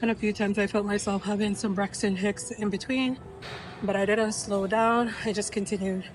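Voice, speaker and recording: A woman's voice: mid-range voice, steady tone, normal speed, soft background music, rough recording. A young woman vlogging candidly at the gym, out of breath after a treadmill walk. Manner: candid, chatty. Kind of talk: casual vlog chat.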